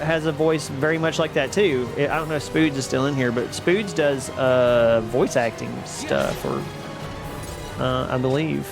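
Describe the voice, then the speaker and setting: Male streamer, casual and self-mocking, higher-pitched, music audible behind. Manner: rambling, chatty, self-deprecating, laughs often. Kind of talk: casual live-stream chat while gaming. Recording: background music under the voice. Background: music playing.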